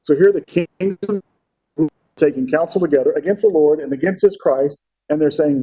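A man's voice: on the high side, normal speed, warm tone, breathy edge, low-quality recording. A man preaching a Bible-teaching sermon. He reads scripture aloud, explains it, and asks his listeners frequent rhetorical questions. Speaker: pastor.

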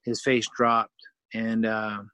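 Man telling a story, animated and self-mocking, bright voice, dry sound. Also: fairly low pitch, takes it slowly, no echo. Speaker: guest storyteller. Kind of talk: personal storytelling.

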